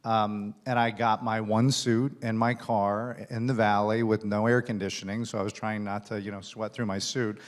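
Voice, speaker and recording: A man's voice: fairly low pitch, little pitch movement, normal speed, few pauses. A man speaking as the guest at a conference keynote, telling a long career anecdote in a self-deprecating, chatty way with frequent fillers. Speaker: studio executive, keynote guest. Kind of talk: onstage conversation, storytelling. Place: conference stage.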